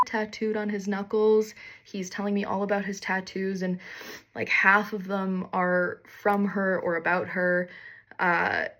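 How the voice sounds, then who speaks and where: A woman's voice: medium pitch, pushed and bright. A young woman telling a candid, wry personal story in a casual monologue, swearing freely and poking fun at herself.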